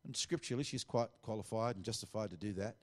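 A man's voice: lowish voice, fast talker. A middle-aged man, a pastor, earnestly telling a testimony and acting out the dialogue he quotes.

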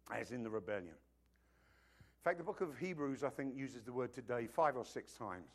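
Animated preacher man with lively pitch. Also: normal speed. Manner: animated, conversational preaching with joking asides. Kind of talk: sermon.

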